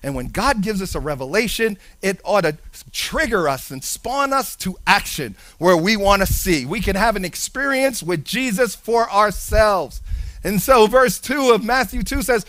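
A man preaching a sermon with animated delivery, acting out Bible characters in playful voices. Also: high voice, normal speed, no echo. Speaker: pastor.

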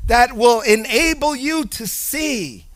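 A male preacher delivering a sermon, animated, shifting between hushed and loud with sing-song emphasis. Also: very high voice, slow pace, no room sound.

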